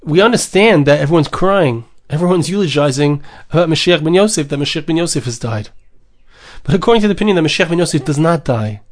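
A man's voice: a little high, animated, quick pace. Emphatic man giving a Torah lecture. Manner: mixes Hebrew and Aramaic phrases, repeats words, emphatic. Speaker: rabbi teaching Torah.

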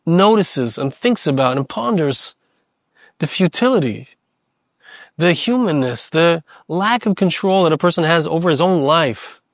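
A man's voice: fairly high pitch, dry recording, clean studio sound. A man giving an earnest Torah lecture, repeating phrases for emphasis and weaving in Hebrew terms. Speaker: Torah teacher.

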